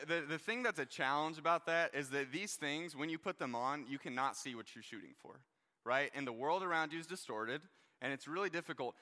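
A man's voice: mid-range voice, bright, forceful tone. A young man giving a casual, joking sermon to a live audience, full of stories and filler words like "like" and "you guys". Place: large hall with a live audience. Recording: long hall reverb.

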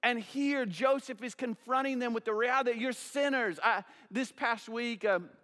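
A man with a high voice preaches to his congregation, asking questions and playing both sides of the exchanges he tells. His words ring out with a long reverb from the church sanctuary. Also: moderate pace, bright, forceful tone. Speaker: pastor. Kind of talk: sermon.

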